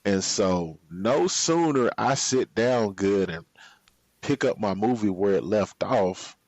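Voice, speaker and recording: A man from the United States, a podcast guest, telling a personal story in a relaxed, drawn-out way with slang. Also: lowish voice, no room sound. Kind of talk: storytelling in a casual interview. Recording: slightly muffled, dry sound.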